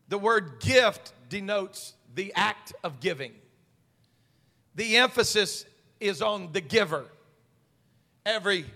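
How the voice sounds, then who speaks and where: A senior pastor preaching a sermon, moving from quiet talk to shouted preaching and calling on the congregation to answer him. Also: male voice, high-pitched. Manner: call-and-response with congregation. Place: church sanctuary. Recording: long reverb of a church hall.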